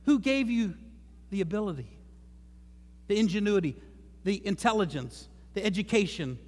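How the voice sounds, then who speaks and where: A man voicing God as a calm, patient father figure who asks searching questions. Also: high voice, moderate pace. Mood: patient questioning. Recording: long hall reverb.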